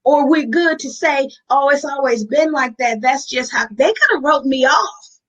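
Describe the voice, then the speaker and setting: A woman with a high voice speaks frankly and earnestly as an interview guest. She talks straight to her listeners. The recording sounds dull and lo-fi. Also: lively intonation, moderate pace, fairly bright tone. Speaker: guest sharing her addiction recovery. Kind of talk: candid interview talk.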